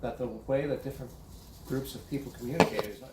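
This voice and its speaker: A man's voice: medium pitch, quick pace, echoey room, heavy background noise. A man interviewing a guest in a casual conversation, thoughtful and hesitant, restarting his sentences.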